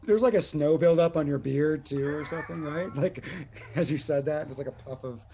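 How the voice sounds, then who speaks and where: A man's voice: on the high side, normal speed, mellow, a little hiss or hum. A man narrating a tabletop game as game master, talking casually with lots of filler words.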